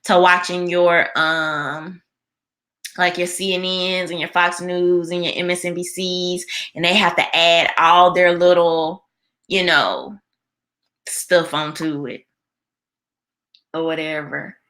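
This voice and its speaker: A woman's voice: fairly low pitch, steady tone, slow, a bit bright. A young woman hosting a live stream, chatting casually with viewers and reading their comments aloud, full of fillers.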